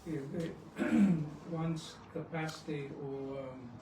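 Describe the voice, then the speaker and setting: A man asks a question from the audience, slow and hesitant, groping for his words. His voice sits somewhat high and is picked up from far off. The room rings around him, with clear noise behind him. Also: steady tone. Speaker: audience member asking a question. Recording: distant, roomy, noisy audience pickup.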